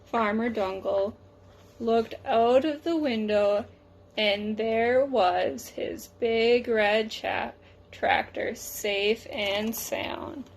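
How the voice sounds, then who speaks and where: A woman teacher reading a picture book aloud, slow and deliberate. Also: fairly high pitch, gravelly, a little hiss or hum. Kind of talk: storybook read-aloud.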